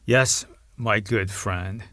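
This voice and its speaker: A man's voice: medium pitch, extremely slow, gravelly, a bit bright, no echo, studio quality, pitched above the performer's own voice, heavily acted. Man voicing a coolly polite pop star. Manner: cool, overly courteous.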